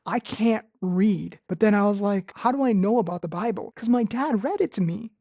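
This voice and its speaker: A woman's voice: medium pitch, lively intonation, brisk, mellow, dry recording. Woman vlogger, earnest testimony delivery, repeats herself, dull dry recording. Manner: earnest, repetitive, full of restarts. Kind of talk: personal faith testimony.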